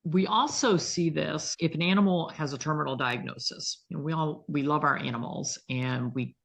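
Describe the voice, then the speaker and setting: A woman veterinarian, a guest in an interview, telling stories in an animated, vivid way. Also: low-pitched, moderate pace, creaky, breathy edge. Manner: animated, vivid storyteller who acts out quotes. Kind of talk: conversational interview storytelling.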